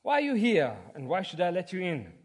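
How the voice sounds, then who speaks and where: A man voicing a calm, reassuring old gatekeeper at heaven's gates in a sermon joke. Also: high-pitched, a little fast, slightly rough, heavily acted.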